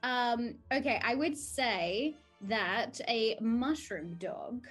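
A woman's voice: fairly high pitch, expressive, takes it slowly, fairly bright tone, faint music behind. A woman narrating a tabletop game as game master, often breaking into giggles.

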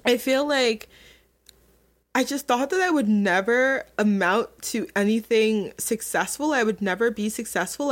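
A young adult woman hosting a podcast, telling a personal story to her listeners in a candid, emotional way, with many fillers and restarts. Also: fairly high pitch. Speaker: podcast host.

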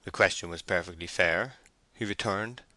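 Deep-voiced man narrating an audiobook. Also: no room sound. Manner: measured, even reading.

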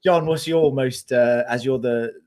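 A man's voice: medium pitch, a little slow, a little mellow. A man chatting casually, joking and swearing casually. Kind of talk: casual chat.

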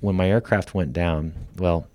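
A middle-aged man, a podcast guest, telling a personal story in a lively way and acting out the lines of the people in it. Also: deep voice, measured pace, dry recording. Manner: lively storyteller who acts out quoted lines. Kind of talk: storytelling in casual conversation.

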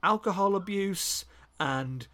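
A man's voice: high-pitched, expressive, slow, a bit bright. A man co-hosting a podcast, rambling enthusiastically through a casual chat and often correcting himself mid-sentence. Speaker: podcast co-host.

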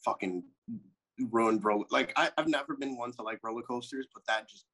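Excitable man guest, casual chat. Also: medium pitch, brisk. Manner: excitable, swears freely. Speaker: podcast guest.

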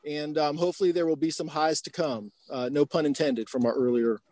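A man's voice: on the high side, steady tone, fairly quick, a little mellow. A man co-hosting a podcast, talking casually and reflectively with many fillers. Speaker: podcast co-host. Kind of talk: casual chat.

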